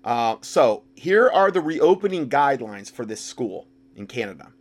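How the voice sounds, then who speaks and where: A man giving sarcastic commentary while reading documents, mocking the text and rising to loud outbursts. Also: mid-range voice, very animated, moderate pace. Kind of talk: sarcastic commentary with read-out passages.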